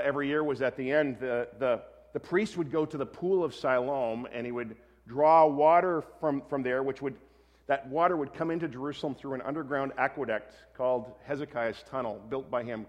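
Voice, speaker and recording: A pastor giving a sermon in a relaxed, conversational way, often correcting himself and adding light humor. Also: male voice, mid-range voice, long reverb tail.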